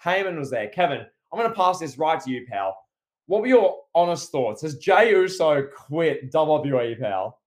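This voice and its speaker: A young man co-hosting a casual wrestling chat, teasing his co-host with mock outrage and quick asides. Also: on the high side, very animated. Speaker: podcast co-host.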